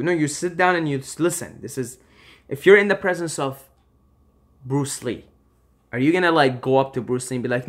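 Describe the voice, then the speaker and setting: A man's voice: medium pitch, animated, moderate pace. Emphatic swearing man urging listeners. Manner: emphatic, swings from loud urging to quiet reassurance, swears freely. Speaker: vlogger. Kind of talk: impassioned advice monologue.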